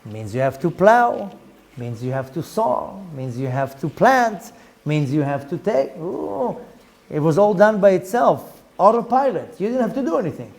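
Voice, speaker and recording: A man teaching as a rabbi, giving a slow explanatory class and stressing points by repeating phrases. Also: high voice, big pitch swings, darkish tone.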